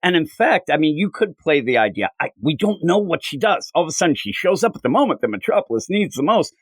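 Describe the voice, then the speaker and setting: A man's voice: fairly high pitch, husky, no room sound, rough recording. A man co-hosting a podcast, reviewing comics in casual chat and acting out characters' lines. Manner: animated, acts out characters' lines in quick voices. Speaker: podcast co-host.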